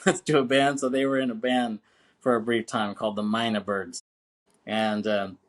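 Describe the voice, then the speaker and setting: A man's voice: fairly low pitch, level tone, moderate pace. A man co-hosting a film podcast, chatting casually, laughing often, swearing freely and saying "you know what I'm saying" a lot. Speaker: podcast co-host.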